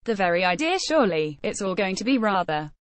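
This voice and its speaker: A woman narrates a memoir at an even, measured pace, her voice sitting at a middle pitch for a woman. The sound is close and dry, with no room around it. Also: no room sound. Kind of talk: audiobook memoir reading.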